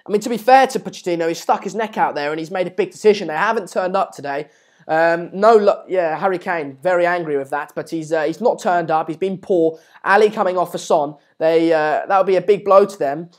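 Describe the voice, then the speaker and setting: A man talks through a live match watchalong in a loose, rambling way. His talk is full of fillers and restarts. He keeps calling on viewers to subscribe between comments on the play. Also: high voice. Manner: repeatedly urges viewers to subscribe. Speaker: live-stream host.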